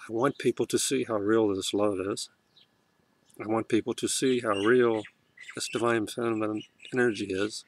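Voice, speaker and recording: Man in a self-filmed spiritual talk, low voice, gentle, emotional and halting. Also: steady tone, slight background noise. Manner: soft, emotional, halting with restarts. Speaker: vlogger. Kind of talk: heartfelt spiritual monologue.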